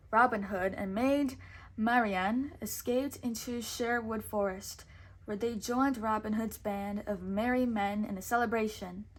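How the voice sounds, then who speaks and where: A woman reading a storybook aloud with expressive, measured narration. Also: on the high side.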